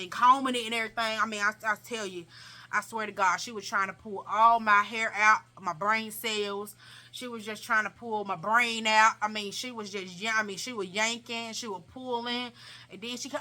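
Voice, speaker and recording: A young woman vlogger telling a casual, animated story in slangy talk, repeating herself for emphasis. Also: fairly high pitch.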